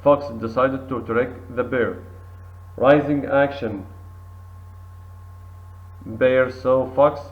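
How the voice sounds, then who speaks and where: A man teaching an English lesson, reading words slowly and repeating each one twice for practice. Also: mid-range voice, steady tone. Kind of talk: recorded classroom lesson. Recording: tinny phone-like audio.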